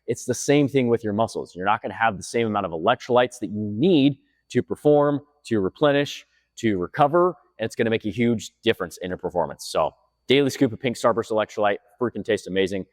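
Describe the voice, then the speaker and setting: A man's voice: lowish voice, lively intonation, fast, no room sound, studio quality. A man who works as a fitness coach, talking casually to the camera with energy and repeating his points for emphasis. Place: gym.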